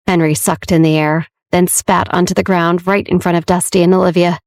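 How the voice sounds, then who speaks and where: A woman narrates a romance audiobook in a steady, scripted storytelling voice. Her pitch sits on the low side. The sound is dry and close, with no room. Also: fairly quick, no echo.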